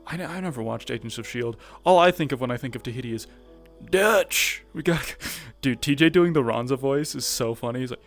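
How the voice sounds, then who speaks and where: A man's voice: mid-range voice, expressive, a little fast, faint music behind. A man streaming a VR roleplay, chatting to his viewers in a loose, rambling way and laughing to himself. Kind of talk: casual VR roleplay stream chat.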